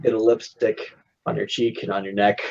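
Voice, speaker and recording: A man's voice: fairly low pitch, level tone, fairly quick, creaky, a little mellow. A man narrating a tabletop role-playing game as game master, laid-back and amused. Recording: muffled lo-fi audio.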